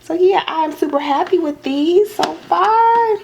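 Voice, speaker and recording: A young adult woman chatting casually in an unboxing vlog at home, gushing and excitable, calling her viewers y'all. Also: extremely high pitch, unhurried, vocal fry, dull audio. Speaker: home decor vlogger. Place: home dining room.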